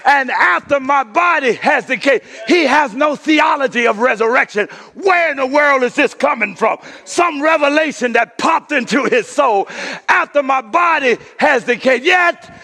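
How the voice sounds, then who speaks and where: A man's voice: very high-pitched, animated, moderate pace, pushed and bright, shouting. A man preaching a sermon as pastor, urging his congregation on with repeated calls of "come on now.". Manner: preaching with call-and-response, repeated 'come on now'. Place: church sanctuary. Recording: reverberant hall.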